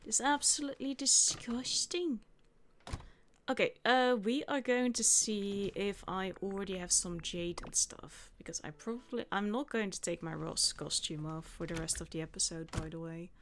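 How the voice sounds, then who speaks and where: A woman giving casual, chatty let's play commentary with blunt, quiet asides. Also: on the low side, normal speed, few pauses, a little hiss or hum.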